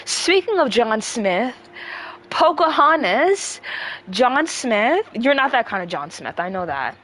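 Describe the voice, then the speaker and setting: A young woman ranting on a livestream into a close mic, combative and full of swearing, talking fast and breathing hard. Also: fairly high pitch, very animated, a bit bright. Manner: profane, combative, rapid rants with breathing. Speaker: livestreamer answering chat.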